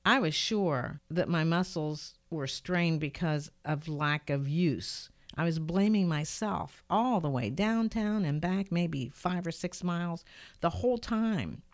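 Speaking slowly at a fairly low pitch, an older woman tells a personal story on her self-hosted podcast, recorded dry on a studio microphone in her home studio. She sounds earnest and reflective, though lively during the retold moments.

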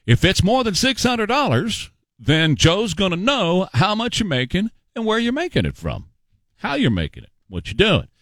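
Fired-up male radio host ranting, high voice that jumps all over, dry close mic. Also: a bit bright, no echo. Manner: emphatic, sarcastic, rhetorical questions. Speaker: radio talk show host. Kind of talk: political talk radio monologue.

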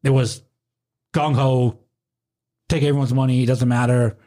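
A man with a mid-range voice speaks at normal speed in casual chat, telling rowdy stories about working a bar door. He's an animated storyteller who acts out the voices and quotes, swears a lot, and laughs often.

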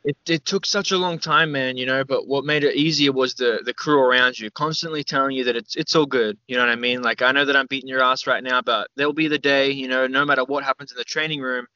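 A young Australian man telling a long story as a podcast guest, rambling and animated, full of fillers and the odd swear word. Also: mid-range voice, fast, hardly any pauses, dry recording, lo-fi sound. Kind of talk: casual storytelling interview.

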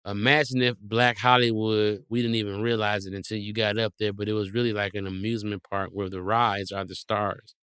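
A man in casual comedic conversation, spinning wild theories in a playful, animated way and slipping into exaggerated quoted voices. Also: fairly low pitch, fairly quick, few pauses, smooth, no echo, clean studio sound. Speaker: guest.

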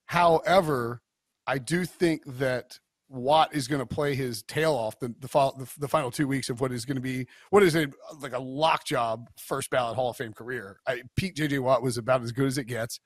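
Here the sound is studio quality with no room sound. A medium-pitched man with fairly even intonation and normal speed co-hosts a sports betting podcast, rambling through blunt, casual opinions full of restarts and fillers.

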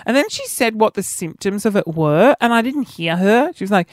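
A man's voice: lively intonation, a little fast, few pauses, no room sound, clean studio sound. A man telling everyday stories in a casual, self-mocking monologue, acting out what people said. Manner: chatty, self-mocking, acts out quoted dialogue with pitch jumps.

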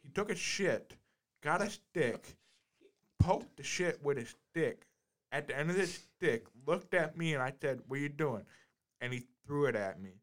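A man's voice: a little high, expressive, measured pace. A man telling a rambling childhood story in a casual chat, repeating himself and swearing.

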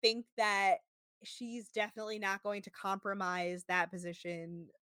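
A woman co-hosting a casual recap podcast, talking in an animated way with lots of swearing and acting out what people said. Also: medium pitch, measured pace, clean tone, dry recording. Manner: animated, swearing, acts out quotes in exaggerated voices. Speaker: podcast co-host.

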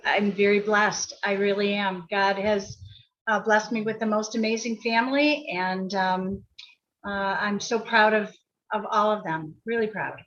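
A middle-aged woman, a podcast guest, answering in a soft-spoken, earnest way with pauses. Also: medium pitch, steady tone. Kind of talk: heartfelt interview answers. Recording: dull, muffled audio.

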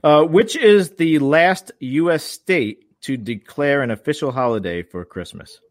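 A man's voice: fairly high pitch, lively intonation, unhurried, dry recording, clean studio sound. A man co-hosting a podcast, reading trivia questions in casual chat and mumbling at the ends of sentences.

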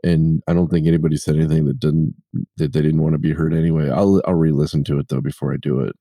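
Male podcast host, very low and dark, casual rambling talker. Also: steady tone, quick pace, slightly rough, dry recording, studio quality. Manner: rambling, self-correcting, jokey storyteller. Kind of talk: casual chat.

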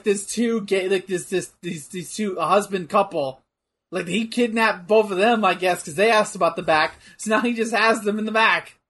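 A man's voice: high-pitched, sharp tone, slightly rough. A man chatting casually while watching wrestling, rambling and laughing as he tells a story. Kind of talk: casual chat.

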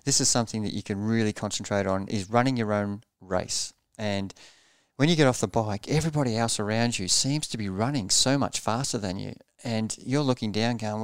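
A man's voice: on the low side, brisk, clean tone, dry recording, clean studio sound. A man coaching triathletes in a podcast interview, explaining pace earnestly and repeating words as he thinks.

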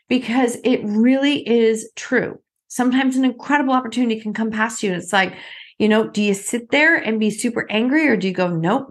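A middle-aged woman coaching her listeners through a motivational talk. She speaks in an earnest way and keeps putting questions to them, with her voice sitting in a middle range. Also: mid-range voice.

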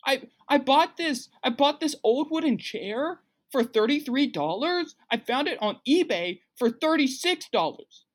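A man doing a loud impression of a boastful male entrepreneur guru who insults people. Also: extremely high pitch, expressive, unhurried, few pauses, pitched above the performer's own voice. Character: brash shouting male hustle guru.

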